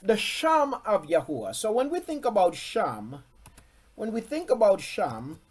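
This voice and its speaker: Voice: medium pitch, big pitch swings, husky. A Bible teacher leading a scripture lesson, repeating key words for emphasis and often checking in with "okay?". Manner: slow and deliberate, with frequent "okay?" check-ins.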